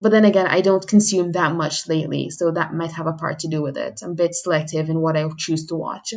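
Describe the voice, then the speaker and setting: A woman's voice: deep voice, fairly even intonation, fairly quick, gravelly, a little mellow. A young woman streamer chatting on her own in a casual, rambling way, drifting onto tangents with small laughs. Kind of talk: casual solo chat.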